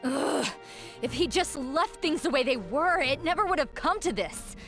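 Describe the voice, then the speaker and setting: A woman's voice: high-pitched, expressive, moderate pace, fairly bright tone, faint music behind. A woman voicing a bitter, hostile female conspirator in a video game, contemptuous in tone.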